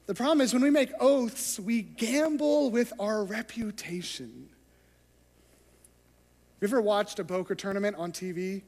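Storytelling pastor, high voice, echoing hall. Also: male voice, unhurried, a little mellow. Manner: storytelling, acts out scenes. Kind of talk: sermon. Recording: long hall reverb.

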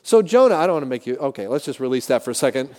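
A man's voice: mid-range voice, big pitch swings, racing, mellow, in a large hall, some chatter behind. A man preaching a sermon as pastor, emphatic and speaking directly to his congregation.

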